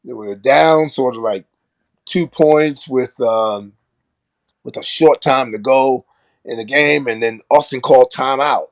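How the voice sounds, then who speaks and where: A man's voice: mid-range voice, a little slow, no room sound. Older man telling a story. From Brooklyn, New York. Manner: animated anecdote-telling with laughs and acted quotes. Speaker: podcast guest. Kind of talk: storytelling in casual chat.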